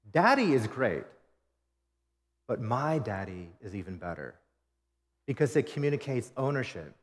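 A male pastor delivers an emphatic sermon at an average pitch, his voice trailing off into a long hall reverb. He swings between forceful declarations and hushed, personal asides. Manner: emphatic preaching with rising and falling intensity.

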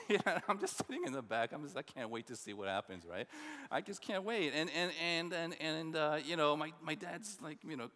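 A man's voice: a little high, moderate pace, sharp tone. A man from New Jersey preaching a sermon as pastor, in a conversational style with personal stories and rhetorical questions. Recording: long reverb of a large hall.

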